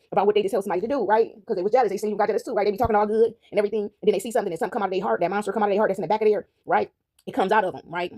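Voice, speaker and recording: A woman in casual vlog chat while working dough, rambling and checking in with "right?" after nearly every phrase. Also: medium pitch. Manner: rambling, repeats "right?" often. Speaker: vlogger. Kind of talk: casual talk while baking.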